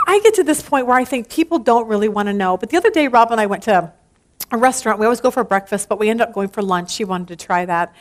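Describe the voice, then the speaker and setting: A woman leading a church Bible study class, talking earnestly and emphatically, often restarting her sentences. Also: high voice.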